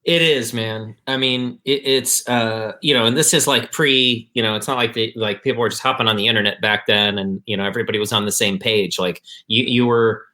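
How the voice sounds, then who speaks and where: A man from Michigan, a musician guest on a video call, telling stories in a rambling, relaxed way full of fillers. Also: medium pitch, a little fast, hardly any pauses. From Michigan, USA. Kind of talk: casual interview chat.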